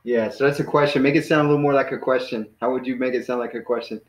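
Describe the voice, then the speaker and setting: A man teaching a language class online, patiently coaching students and slowly spelling out words. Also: medium pitch, steady tone. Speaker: Greek teacher. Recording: echoey, muffled video call audio.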